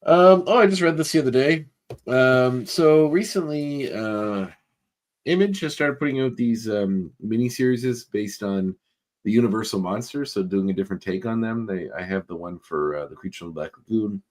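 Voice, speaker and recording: A man's voice: medium pitch, normal speed. A man co-hosting a podcast in casual chat, rambling and leaning on filler words. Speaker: podcast co-host.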